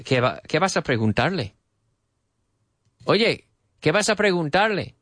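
Guy teaching english, slightly high voice that jumps all over, drills the same phrases again and again, dry close sound. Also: big pitch swings, a little slow, pauses often, a bit bright, no echo. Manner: drills example phrases, repeating questions and answers. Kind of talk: live English lesson for Spanish speakers.

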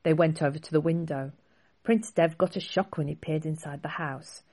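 A woman author reading her own children's book aloud in a clear, expressive storybook style. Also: low voice, moderate pace.

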